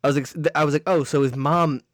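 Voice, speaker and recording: A man's voice: fairly high pitch, steady tone, fast talker, no room sound. A man co-hosting a podcast, recapping a movie in casual chat with sarcastic, dry asides. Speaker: podcast co-host.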